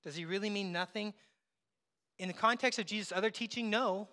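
A man pastor preaching a conversational sermon, acting out bits of dialogue and dropping from loud to hushed. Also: high-pitched, a little fast. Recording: long hall reverb.

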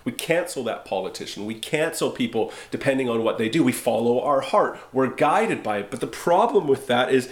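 Male pastor, sermon, wry conversational delivery, mid-pitched voice, roomy church echo. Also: lively intonation. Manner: conversational, wry, with dramatic slowdowns. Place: church sanctuary.

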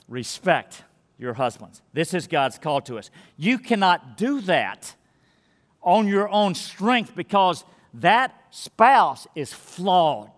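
A man preaching a sermon as pastor, emphatic and swinging from loud declarations to hushed lines. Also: high-pitched. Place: church sanctuary. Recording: long church reverb.

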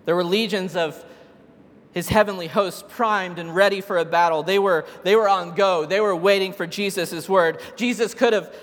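A man's voice: high-pitched, fairly even intonation, moderate pace, fairly bright tone. A man preaching a sermon, retelling scripture in a casual storytelling way and building to emphatic peaks. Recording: long hall reverb.

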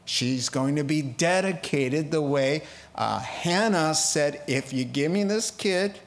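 A man delivers a relaxed expository sermon, taking his time over each point. His voice sits a little high, and he slips into the voices of the people in the story before stepping back to comment. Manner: animated, acts out biblical characters with quick asides and laughs. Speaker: preacher.

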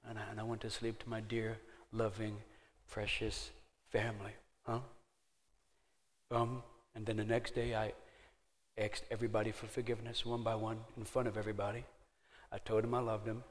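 New guy telling his story at church, low-ish voice, big echoey hall. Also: little pitch movement, a little fast. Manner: storytelling, laughing at himself, then hushed and prayerful. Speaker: speaker sharing a testimony. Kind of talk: sermon testimony. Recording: long hall reverb.

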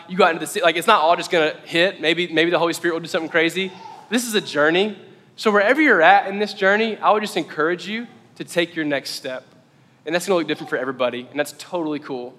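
A man gives a relaxed, chatty sermon and keeps dropping in "like" as he goes. His voice sits high and sounds bright. He is recorded in a church hall with a long, echoing reverb. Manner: casual and chatty, heavy with "like". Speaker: pastor. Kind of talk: conversational sermon.

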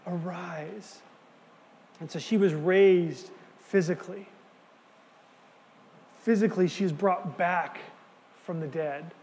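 A man preaching a sermon, earnest and emphatic, dropping to quiet words for key lines. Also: high-pitched, unhurried, long pauses, long reverb tail. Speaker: pastor.

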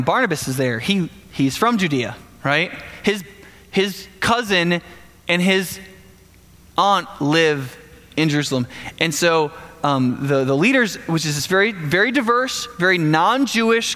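Animated high-voiced preacher in a reverberant hall. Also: male voice, normal speed. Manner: animated storytelling, acts out quotes in bursts. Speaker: pastor. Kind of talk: casual sermon.

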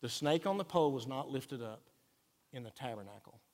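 A man pastor, preaching a sermon earnestly and emphatically, dropping quiet for key points. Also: mid-range voice, lively intonation, a little fast. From Texas. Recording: echoey hall reverb.

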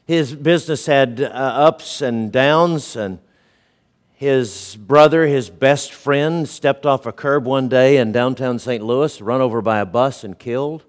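A man preaching a sermon as a pastor, earnest and storytelling, often dropping to a quiet, low voice. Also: slow.

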